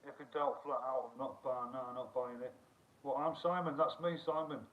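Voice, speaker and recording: A man's voice: medium pitch, steady tone, normal speed. A middle-aged man, rambling and swearing freely as he chats and reads comments on a live stream. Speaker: livestream host. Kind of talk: casual live-stream chat. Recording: tinny phone-like sound, distant from the mic.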